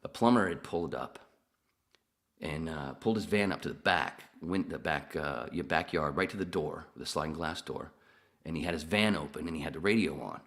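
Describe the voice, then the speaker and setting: A man's voice: extremely low pitch, moderate pace, a bit bright. A man hosting a podcast, telling long profane stories in a casual rambling way. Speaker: podcast host. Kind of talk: casual storytelling chat.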